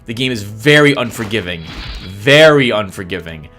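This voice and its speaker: A man's voice: on the low side, expressive, normal speed, sharp tone, soft background music. A man giving chatty gameplay commentary as host, laughing often and sounding sheepishly apologetic. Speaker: let's play host.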